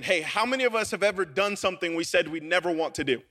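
A man's voice: high-pitched, fast, few pauses. A young man preaching to a youth group in a casual, joking storytelling style, with lots of filler words like "like.". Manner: animated and joking, with many fillers like "like". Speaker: youth pastor.

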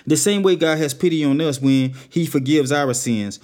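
A man's voice: fairly high pitch, normal speed, hardly any pauses, a little mellow. A man preaching a sermon, reading scripture passages aloud and explaining them with repeated exhortations.

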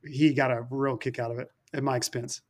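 A man from Alabama, chatting on a podcast and telling stories in halting, restarting bursts. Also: mid-range voice, little pitch movement. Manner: halting, stammering storyteller. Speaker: podcast co-host. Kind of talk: casual podcast chat.

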